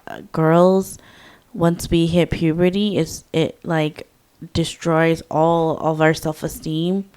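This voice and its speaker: A woman's voice: deep voice, little pitch movement, slow, a little mellow, clean tone. A young woman co-hosting a casual podcast, telling stories reflectively with lots of "like" fillers. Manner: reflective storyteller, frequent "like" fillers. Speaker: podcast co-host.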